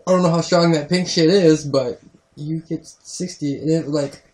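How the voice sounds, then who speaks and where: A man's voice: on the high side, fairly even intonation, moderate pace, darkish tone, poor audio. A man co-hosting a casual podcast chat, laid-back and profane, often laughing along. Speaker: podcast co-host.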